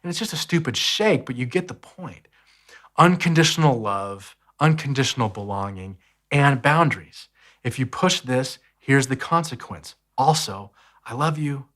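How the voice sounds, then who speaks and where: A man's voice: mid-range voice, lively intonation, moderate pace, fairly bright tone. A man in his thirties hosting a podcast, giving an earnest, reflective teaching talk that tells stories and repeats key phrases.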